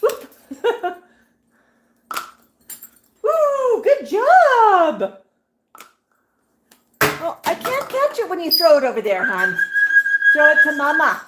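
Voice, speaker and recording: A woman's voice: high voice, huge pitch swings, normal speed. A woman playing catch with her pet birds and talking to them in doting baby talk. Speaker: pet parrot owner. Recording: echoey room with clear noise.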